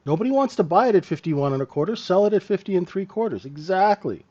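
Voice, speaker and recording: A trainer with a high, warm voice runs his live trading session fast and animated. He chats casually, checking in with "right?" again and again, on dull audio.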